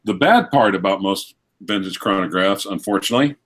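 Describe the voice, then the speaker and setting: A man from Oklahoma, co-hosting a livestream and reading out viewer donations and time checks in a relaxed way. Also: sits low, brisk. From Oklahoma, United States. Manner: relaxed, reads out donations and timekeeping. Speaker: co-host reading viewer messages. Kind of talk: casual livestream chat.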